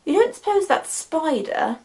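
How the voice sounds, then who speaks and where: A woman voicing a middle-aged male farmer, earnest and awed, speaking in a solemn, hushed way. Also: very high voice, big pitch swings, measured pace, pitched above the performer's own voice, exaggerated voice.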